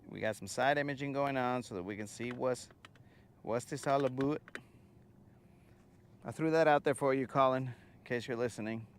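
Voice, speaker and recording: Male fishing streamer, mid-pitched, laid-back and slangy, outdoor boat audio through a phone with light background noise. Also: normal speed, long pauses. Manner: relaxed, talks to viewers and to the fish, slangy. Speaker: fishing livestream host. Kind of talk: casual live-stream chat while fishing. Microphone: phone camera on the boat.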